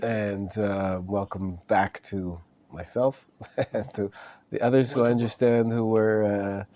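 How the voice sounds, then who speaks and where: A man's voice: on the low side, fairly even intonation, slow pace, mellow, slight background noise. A man, a rabbi, teaching a live class in a casual, chatty way and joking with his students, his voice not at full strength while recovering from an illness.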